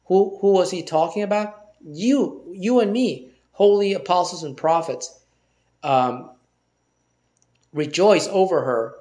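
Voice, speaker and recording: A man in the middle of a Bible teaching sermon, reading verses aloud at an even pace. Between passages he breaks into emphatic comment. His voice sits somewhat high for a man. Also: unhurried. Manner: reads scripture aloud, then comments in emphatic bursts. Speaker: preacher.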